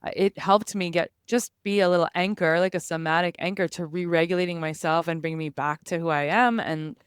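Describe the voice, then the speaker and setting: A woman hosting an interview podcast talks in a quick, loose, chatty way, sprinkling "like" through her sentences. Her voice is exceptionally clear and smooth, and the recording is dry and close with no room sound. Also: lowish voice, fairly even intonation, no echo. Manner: chatty, frequent "like" fillers. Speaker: podcast host. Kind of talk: casual conversational interview.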